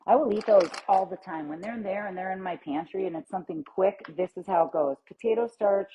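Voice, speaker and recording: A middle-aged woman, working as a plant-based nutrition coach, delivers a chatty, upbeat pep talk on a live stream. Her voice is medium in pitch and a little fast, with crowd noise behind her. The live stream audio sounds dull and lo-fi.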